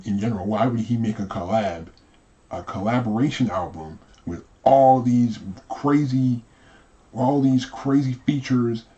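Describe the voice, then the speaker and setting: A man's voice: mid-range voice, mellow. A man hosting a reaction commentary, talking casually and often asking rhetorical questions. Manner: conversational, repeats himself, asks rhetorical questions. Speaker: host commentator. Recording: dull lo-fi audio.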